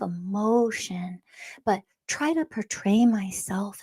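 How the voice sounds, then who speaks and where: A woman hosting her own podcast, ranting bluntly and profanely about spirituality, swinging between loud outbursts and quiet, calm stretches. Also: mid-range voice, takes it slowly, husky. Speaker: podcast host and spiritual teacher. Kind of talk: impassioned podcast rant.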